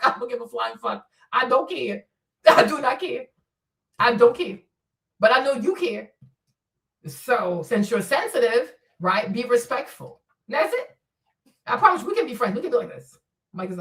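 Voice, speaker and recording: High, taunting woman livestream host. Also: very animated, measured pace, pauses often, a bit bright, recorded from a distance. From Africa. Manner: mocking, taunting, laughs often. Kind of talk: livestream rant.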